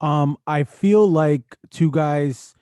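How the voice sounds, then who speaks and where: Man, podcast co-host, measured explaining, mellow tone, dry recording. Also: a little high, clean tone, no room sound. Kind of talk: casual commentary.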